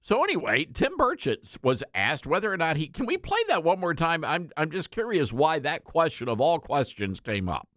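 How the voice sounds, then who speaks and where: Male radio host, rambling and chatty, lively pitch, dry close studio sound. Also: no room sound. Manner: rambling, chatty, halting with many fillers. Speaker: radio talk show host. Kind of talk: casual radio talk.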